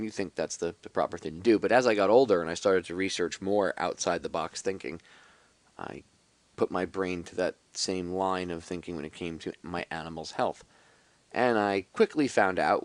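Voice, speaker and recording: A man's voice: low voice, dry recording. A man talking casually and at length to his viewers, rambling with many restarts and a sarcastic edge. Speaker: video blogger. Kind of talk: casual explanatory monologue.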